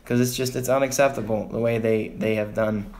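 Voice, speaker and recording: A man's voice: on the low side, steady tone, fairly quick, a little mellow, slight background noise. A young man from Texas hosting a casual livestream, rambling and sighing as he vents his frustration. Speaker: vlogger on a livestream.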